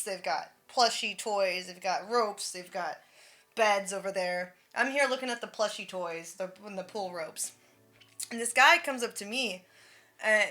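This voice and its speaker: A woman streamer telling a story in casual chat, animated and full of fillers, laughing and swearing as she goes. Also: medium pitch.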